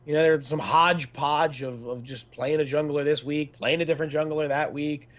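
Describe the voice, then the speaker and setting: Male podcast co-host, slightly high voice, casual joking banter. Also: fairly even intonation, normal speed, fairly bright tone. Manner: loose, joking, crude banter. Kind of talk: casual esports podcast chat.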